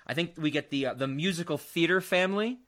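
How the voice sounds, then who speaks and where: A man hosting a casual movie podcast, animated, laughing and swearing freely. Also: a little high, fast talker. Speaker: podcast host. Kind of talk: casual movie review chat.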